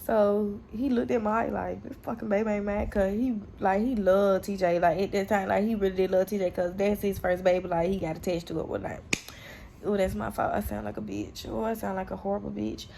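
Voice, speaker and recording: A young woman talks straight to her camera in a vlog, her voice gravelly at the edges. She tells her story candidly and with plenty of swearing, acting out what people said. A faint hiss of noise sits behind her. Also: mid-range voice, fairly quick. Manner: candid, profane, animated retelling with quoted dialogue. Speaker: vlogger.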